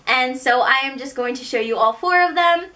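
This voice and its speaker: Canadian woman, book haul vlogger; high, bright voice; chatty, rambling, pokes fun at herself. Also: moderate pace. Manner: chatty and rambling, with self-mocking asides. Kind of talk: casual book haul chat.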